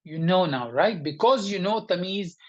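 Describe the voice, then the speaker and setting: A woman's voice: on the low side, animated, moderate pace, highs cut off. Woman teacher, online grammar lesson, patient and explanatory, hesitant fillers, frequent check-ins. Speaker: Arabic teacher.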